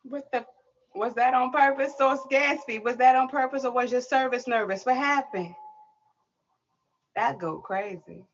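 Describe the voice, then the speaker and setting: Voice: high-pitched, a little slow. The host of a poetry livestream, speaking casually, playful and teasing. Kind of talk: casual live stream hosting. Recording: dull lo-fi audio with faint noise.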